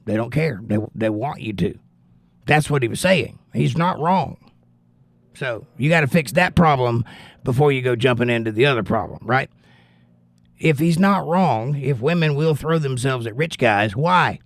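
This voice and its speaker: A man's voice: mid-range voice, lively intonation, normal speed, vocal fry, no echo. A man hosting a live stream, giving blunt, opinionated political commentary in a casual chat style and answering viewers. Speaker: livestream host reading chat.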